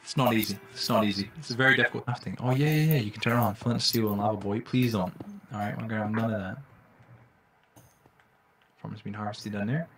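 Excitable man streaming a game. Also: fairly low pitch, fairly quick, slight background noise. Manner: excitable, jokey, swears when startled. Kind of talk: casual live-stream commentary.

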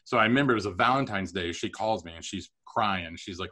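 A middle-aged man telling stories about his career as a podcast guest, chatty and animated with self-deprecating humor. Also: lowish voice, quick pace, hardly any pauses. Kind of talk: storytelling interview.

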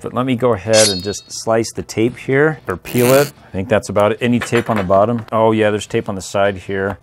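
A man hosting a toy unboxing review, joking playfully and chuckling as he talks. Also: mid-range voice. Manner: playful, jokey, chuckling often.

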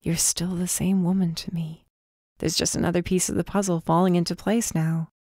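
A woman voicing a guarded, blunt young man who works as an undercover bodyguard, in a low, clipped, stubborn way. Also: level tone, moderate pace, darkish tone, no echo, clean studio sound. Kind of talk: audiobook character voice.

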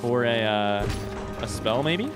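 A young man live-streaming a video game, reacting loudly and swearing when hit while chatting with viewers. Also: mid-range voice, slow pace. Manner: excitable, swears and yelps when hit, reads chat aloud. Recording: game music behind voice. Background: game music.

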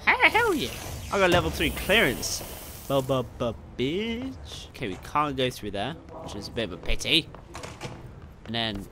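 A young man commentating his gameplay casually, excitable, often swearing and yelling at enemies. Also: medium pitch. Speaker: gameplay streamer.

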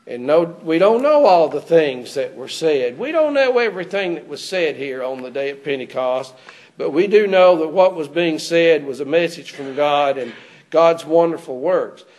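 A man preaching an expository sermon in a church, putting rhetorical questions to his congregation. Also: fairly high pitch.

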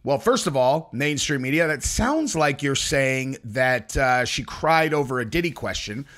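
A man's voice: medium pitch, animated, measured pace, a bit bright. A man hosting a commentary channel, talking casually and opinionatedly, sometimes mocking people with impressions. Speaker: podcast host.

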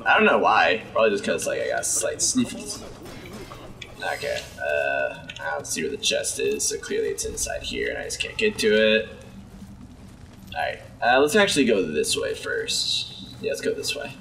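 Let's-play host, young man, slightly hoarse; bright, animated delivery, faint ambience behind. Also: low-pitched, normal speed, far from the mic, slight background noise. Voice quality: sore voice. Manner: chatty, exclaims and talks to enemies. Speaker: gameplay commentator.

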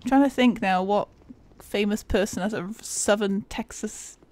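A woman's voice: medium pitch, normal speed, darkish tone. A woman giving casual, jokey commentary while playing a video game, laughing often. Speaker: gaming streamer.

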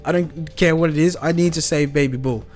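Excitable slangy man, a bit high. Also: brisk, soft background music. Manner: excitable, slangy, calls friends bro and fam. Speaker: host playing the lead character. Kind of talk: Minecraft role-play acting.

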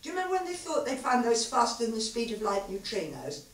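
A woman reading aloud as a tipsy male physicist who muses and rambles in a lively way. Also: on the high side, fast talker, voice pushed up. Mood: musing. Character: rueful man, tipsy physicist, musing. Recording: roomy live hall, far mic.

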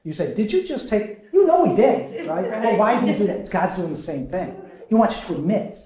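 A man leading a conversational Bible study as a deacon, animated and quizzing his group with frequent chuckles. His voice is mellow and sits fairly high. It rings in an echoey parish meeting room. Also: a little fast.

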